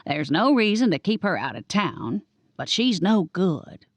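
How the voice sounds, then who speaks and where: A woman narrating a cozy audiobook in the first person, giving each character a lively voice. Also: lowish voice, a little slow, no echo.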